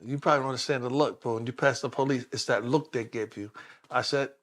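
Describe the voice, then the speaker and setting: A man's voice: medium pitch, fast. A middle-aged man, a police detective telling a story in an interview and acting out the voices of the people in it. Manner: animated, acts out the voices of people in his story.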